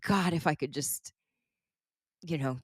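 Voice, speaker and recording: Low-pitched and slightly rough, a woman hosting a podcast speaks a little slowly in a loose, candid chat peppered with "like" and "basically." The recording is dry and studio quality.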